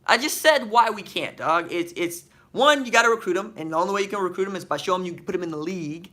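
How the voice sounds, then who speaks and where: A man hosting a live stream, reading viewer questions from the chat aloud and answering them with slangy, animated banter and rapid rhetorical questions. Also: high voice. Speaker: podcast host.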